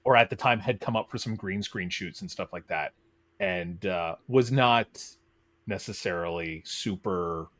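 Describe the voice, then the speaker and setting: A man's voice: low voice, measured pace, a bit bright. A man hosting a podcast who chats casually and explains the rules of a game. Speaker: podcast host.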